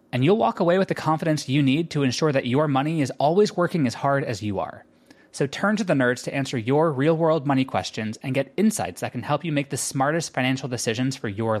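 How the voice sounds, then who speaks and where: A man reading a scripted podcast promo in a smooth, upbeat, polished way. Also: medium pitch.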